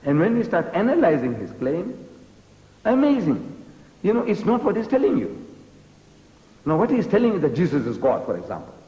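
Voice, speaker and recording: A man's voice: high voice, wildly swooping pitch, normal speed, long pauses, dark tone. An older man from South Africa, answering in an interview with an emphatic, preaching style, hammering the same rhetorical challenge again and again. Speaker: guest lecturer. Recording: dull, roomy archival TV recording.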